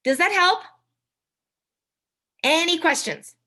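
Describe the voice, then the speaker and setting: A young woman giving a chatty coaching talk to a sales team, with quick asides to her listeners. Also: very high-pitched, animated, bright, forceful tone. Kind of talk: casual training talk on a video call.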